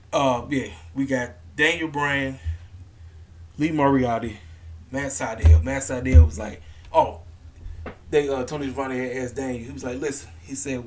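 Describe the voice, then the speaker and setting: A man rants in a casual vlog, blunt and slangy, hammering the same points again and again. His voice sits at an ordinary middle pitch. A faint hiss of background noise runs under the recording. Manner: blunt, repetitive, emphatic, slangy. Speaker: wrestling commentary vlogger. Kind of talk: casual opinionated rant.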